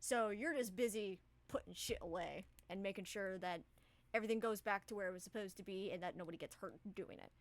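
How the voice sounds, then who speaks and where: A woman's voice: mid-range voice, a little fast, dry recording. A woman narrating as game master in a tabletop game, casual and rambling, swearing freely.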